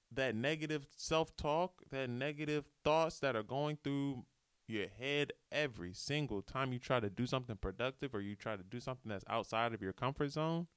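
A man's voice: medium pitch, smooth, dry recording, studio quality. A man hosting a solo podcast, giving a casual, slangy motivational talk and often repeating himself. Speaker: podcast host. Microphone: studio microphone.

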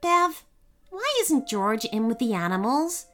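A kind, eager young girl in a storybook reading, talking in a bright, high, lively voice. She sounds keen and openhearted, as a woman narrator puts her on. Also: a little slow, faint music behind.

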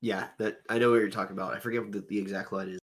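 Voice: low voice, fairly even intonation, racing, slightly rough. A podcast co-host chatting casually about a movie, giggling and using many filler words. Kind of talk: casual movie review chat.

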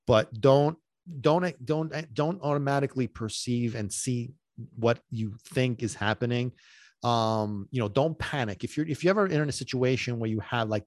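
A man's voice: mid-range voice, no room sound, studio quality. A middle-aged man, a dog trainer hosting his podcast in casual talk, emphatic and repetitive, often asking whether listeners follow him.

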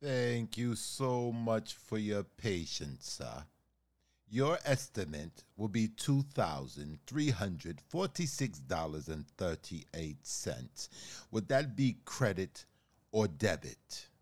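A slippery male restaurant salesman, as a man puts him on speaks in a put-on refined accent, soft and slow and far too courteous. His voice rises and falls a lot as he smooths things over. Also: lowish voice, sing-song, pitched below the performer's own voice, full character voice. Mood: smarmy polite. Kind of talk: comedy sketch.

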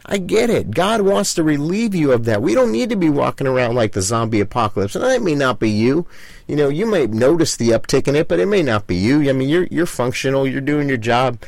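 A man's voice: medium pitch, big pitch swings, a little fast, gravelly, a little mellow, no room sound. A middle-aged man, a pastor, preaching fervently and speaking straight to the listener, with many repeated phrases. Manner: fervent, repetitive, addresses listener directly. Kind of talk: preaching talk.

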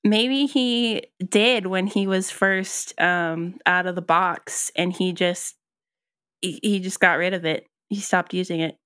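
Low-voiced, hesitant woman podcast co-host. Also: takes it slowly, fairly bright tone, clear, resonant tone, no room sound, studio quality. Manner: thoughtful, hesitant, many ums and likes. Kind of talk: casual chat.

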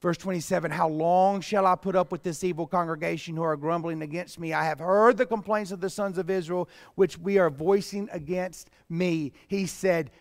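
A man's voice: high voice, fairly even intonation, moderate pace, few pauses, no room sound, studio quality, in a large hall. A man preaching a sermon, reading scripture and dramatizing it with rising intensity. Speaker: pastor.

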